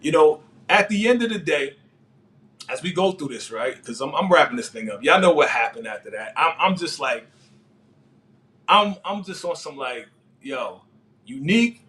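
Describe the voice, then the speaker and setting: A man hosting a casual live TV episode recap, speaking a little higher than most men. He is excitable, laughs often and leans on street slang, like a fan talking the episode through with his viewers. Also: normal speed. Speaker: TV show recap host.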